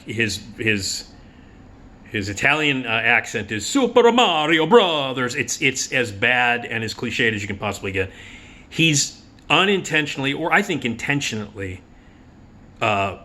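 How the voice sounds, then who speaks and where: Bright-voiced man, blunt and profane. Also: mid-range voice. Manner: blunt and profane, many fillers. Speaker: film critic. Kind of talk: casual spoken film review.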